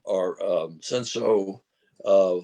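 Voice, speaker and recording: An older man, hoarse today, describing a wine slowly with many pauses and fillers. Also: deep voice, mellow. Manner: slow, hesitant, with frequent filler sounds. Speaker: winery founder.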